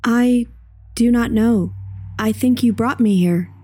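A woman's voice: on the high side, slow pace, dark tone, slightly rough. A woman playing an earnest android woman who speaks stiffly and formally in a tabletop game. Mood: uncertain.

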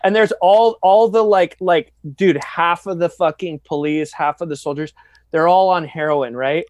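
A man's voice: on the high side, normal speed, dry recording. A man telling crude, rambling stories in a casual chat between friends. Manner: profane, rambling, animated storyteller.

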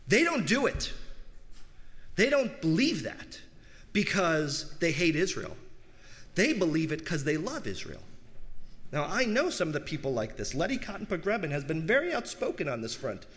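High-voiced man preaching in a reverberant hall. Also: wildly swooping pitch, normal speed. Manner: rhetorical questions, addresses the congregation; swings between soft low asides and raised emphatic peaks. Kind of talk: sermon.

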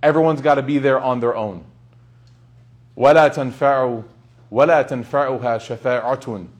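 A young man giving a casual, joking lecture on Islamic teachings to a class, asking the students questions. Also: mid-range voice.

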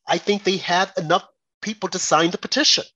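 A man's voice: fairly quick, sharp tone, breathy edge, no echo. A man delivering an indignant political commentary monologue, mocking his opponents by quoting them in a raised voice. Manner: mocking put-on quotes of opponents in raised pitch; indignant, rhetorical.

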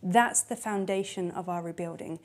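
A woman preaching a candid, personal sermon, dropping to hushed tones at times. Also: on the low side, normal speed.

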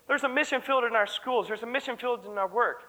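A young man preaches with earnest fervor at a church service. His voice sits high and sounds bright and ringing. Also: fairly quick, rough recording. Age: young adult. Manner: earnest, fervent preaching, breaks into song. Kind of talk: sermon.

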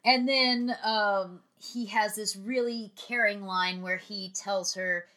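Dry-witted woman podcast co-host, bright tone. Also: medium pitch, fairly even intonation, slow pace. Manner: dry, wry asides, then plot summaries. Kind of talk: casual movie recap chat.

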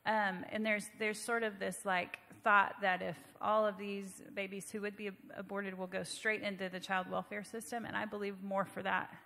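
A woman's voice: mid-range voice, level tone, moderate pace, creaky, few pauses, bright, forceful tone, in a large hall. A woman speaking conversationally and emphatically on a church panel.

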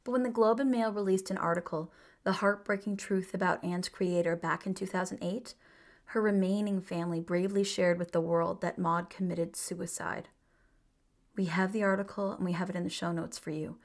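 Playful woman podcast co-host, gravelly. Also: fairly low pitch, fairly even intonation, moderate pace. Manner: emphatic and playful, with big swings of feeling. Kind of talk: scripted podcast narration.

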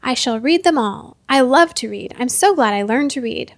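An eager little boy king bursts with bright questions, as a woman reading the story puts him on. The voice sits high and lively, recorded close and dry. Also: normal speed, vocal fry, no room sound.

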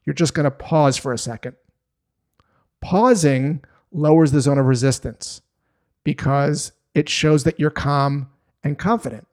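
A man teaching sales skills in a direct, plain-spoken way, with deliberate pauses. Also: a little high, a little mellow. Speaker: sales trainer. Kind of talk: instructional talk to camera.

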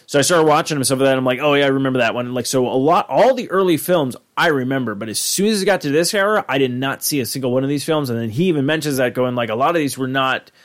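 A man co-hosting a podcast, talking casually in a rambling, profane, animated way. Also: medium pitch, quick pace, hardly any pauses. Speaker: podcast co-host.

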